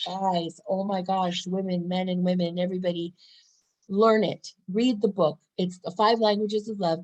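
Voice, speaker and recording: A woman's voice: medium pitch, a little mellow, rough recording. A woman in her thirties talking casually to camera in a bubbly, upbeat, chatty way. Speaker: wellness vlogger.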